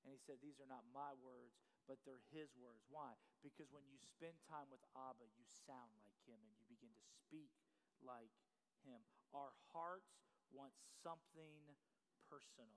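A man preaching a sermon as pastor, asking the congregation questions and building to shouts. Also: mid-range voice, moderate pace, big-room sound. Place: church sanctuary.

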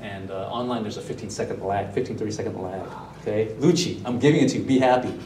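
A male pastor preaching a sermon, animated, asking the congregation and online viewers questions. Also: fairly low pitch, quick pace, a little hiss or hum. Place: church sanctuary, also streamed online. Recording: roomy echo, mic at a distance.

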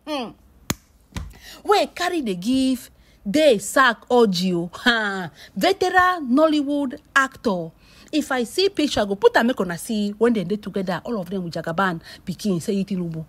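A woman with a Nigerian accent telling celebrity gossip as a vlogger, animated and pleading with her listeners. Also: on the high side, normal speed. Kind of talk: gossip storytelling in pidgin.

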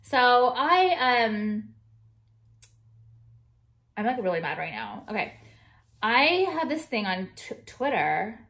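A woman's voice: on the high side, big pitch swings, takes it slowly, long pauses, fairly bright tone. A young woman designer vlogging casually, showing jewelry and ranting bluntly with lots of swearing and fillers.

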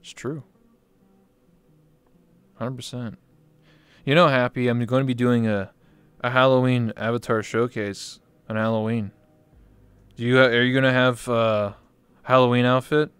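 Hosting a casual interview on a virtual reality chat stream, a man jokes crudely and swears frequently. He speaks in a steady, mid-range voice at a measured pace with long pauses, and his tone is a bit bright and clean, with no echo.

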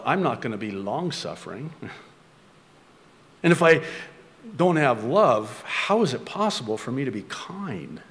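A man's voice: medium pitch, in a large hall. A male pastor preaching a sermon, full of rhetorical questions and self-mocking humor.

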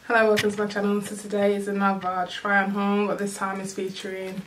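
A woman's voice: mid-range voice, little pitch movement, fairly quick, few pauses. Young woman vlogger, rambling and playful, recorded on a far-off camera mic in a noisy room. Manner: chatty, rambling, playful repetition. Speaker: fashion vlogger. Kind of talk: casual try-on haul chat. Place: room at home. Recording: distant camera mic with background noise.

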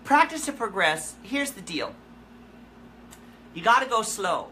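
A woman hosting a live comic question-and-answer session in character, telling absurd stories in a deadpan, rambling way with halting restarts. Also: medium pitch, loud music behind the voice. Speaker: comedic musician persona hosting a live Q&A. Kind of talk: rambling comic livestream chat.

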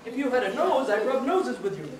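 A woman's voice: fairly high pitch, big pitch swings, brisk, a little mellow. A woman voicing a chirpy puppet who is easily startled and keeps exclaiming in surprise. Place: indoor puppet exhibit room. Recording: echoey room, far from mic, crowd noise.

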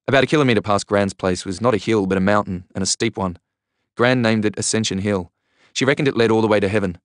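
A man's voice: lowish voice, fast talker, dry recording, clean studio sound. A man narrating a novel in the first person, in an understated way. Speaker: audiobook narrator.

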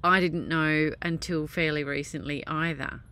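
A woman talking to camera for her spiritual vlog drives around hills outdoors, chatty and amused by herself, occasionally tearful and emotional. Her low-pitched voice is unhurried, pushed and bright, with fairly even intonation.

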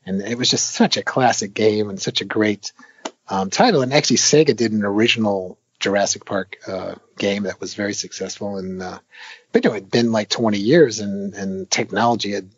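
Older game-designer guest, husky low voice, rambling and filler-heavy, dull lo-fi audio. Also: male voice, normal speed, no room sound. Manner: rambling, many fillers, animated retelling of anecdotes. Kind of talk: casual interview talk.

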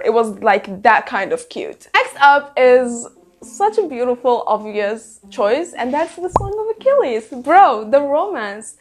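A young woman reviewing books to camera in a casual, gushing, excitable way, swearing freely. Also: on the high side, moderate pace, faint music behind. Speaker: book reviewer.

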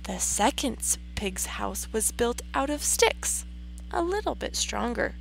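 Slow, animated woman teacher reading aloud. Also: a little high, vocal fry, a little hiss or hum, rough recording. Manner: animated, slow and expressive, asks the class questions. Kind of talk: reading a story aloud to a class.

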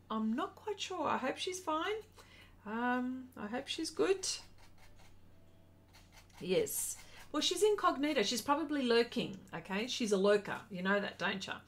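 Middle-aged woman, livestream art host, chatty and easily excited, voice sits a little high. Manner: chatty, excitable, reads viewer comments aloud. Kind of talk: casual livestream chat while painting.

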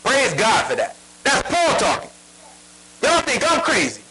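Male preacher, emphatic, rhetorical questions, high pitch, bright tone. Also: wildly swooping pitch, a little slow, husky, rough recording. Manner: emphatic, asks rhetorical questions, prods the reader. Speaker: Bible teacher. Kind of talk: sermon.

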